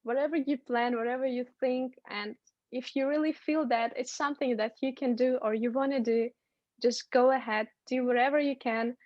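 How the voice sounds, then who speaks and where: A woman's voice: sits high, steady tone, moderate pace, no room sound, highs cut off. A young woman from Uzbekistan, chatting as a guest from home over a video call, upbeat and giggly with lots of fillers. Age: young adult. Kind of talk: casual video-call chat.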